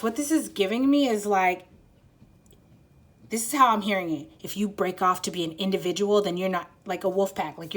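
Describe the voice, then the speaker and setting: A woman's voice: medium pitch, fairly bright tone. Rambling, swearing woman tarot reader. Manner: rambling, lots of "like", self-interrupting; swears casually and apologizes often. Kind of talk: casual channeled tarot reading.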